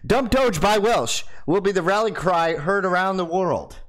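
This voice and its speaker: A man hosting a casual crypto video, excitable and swearing, his voice jumping high and loud when he gets hyped. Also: measured pace. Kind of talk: casual talk to camera.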